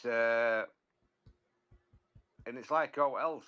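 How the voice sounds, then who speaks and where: Halting man on a football podcast. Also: mid-range voice, bright, forceful tone, smooth. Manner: halting, repeats words as he talks. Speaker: podcast regular, football fan. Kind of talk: casual football chat.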